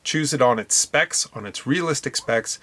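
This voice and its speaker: A man's voice: medium pitch, moderate pace. Emphatic Northern Irish man talking cameras. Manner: animated, emphatic, talks through camera specs. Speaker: podcast co-host. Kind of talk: casual chat.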